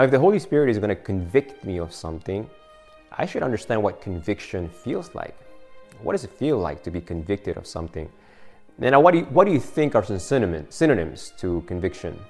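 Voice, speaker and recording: A man preaching a sermon in a loose, conversational way, often restarting his phrases and chuckling at his own story. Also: on the low side.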